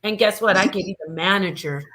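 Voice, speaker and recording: A woman hosting a casual livestream, loud and playful, joking with her chat and breaking into sing-song bits. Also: medium pitch, brisk, crowd noise. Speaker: livestream host.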